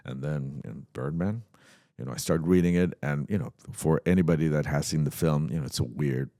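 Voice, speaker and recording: A man's voice: rumbling low, fairly quick, no room sound, studio quality. A middle-aged man from Mexico, a guest telling stories in a casual interview and acting out the dialogue. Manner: animated storyteller who acts out dialogue. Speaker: guest musician. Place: podcast set at a trade show.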